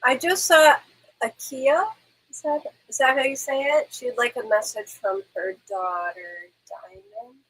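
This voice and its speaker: A woman medium talks in a soft, soothing way, comforting listeners during a live stream. Her voice is a touch high and breathy. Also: a little slow, rough recording. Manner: gentle, reassuring, soothing.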